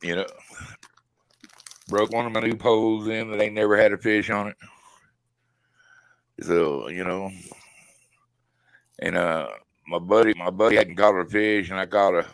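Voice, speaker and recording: A middle-aged man spins a rambling fishing story in loose, folksy slang. His voice sits low, and the sound is dry and close. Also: fairly even intonation, measured pace, pauses often, clear, resonant tone, no room sound, poor audio. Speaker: guest. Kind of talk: casual live-stream chat.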